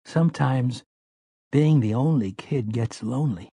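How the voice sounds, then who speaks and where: A man voicing a thoughtful, guarded boy on a quest who speaks quietly and matter-of-factly. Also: mid-range voice, unhurried, gravelly, breathy edge, dry recording, voice pushed up.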